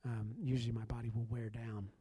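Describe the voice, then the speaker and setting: A man's voice: mid-range voice, fairly quick, husky, no echo. A man sharing a personal testimony in the manner of a preacher, telling the story with animation and acting out the dialogue. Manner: animated, acts out quoted dialogue.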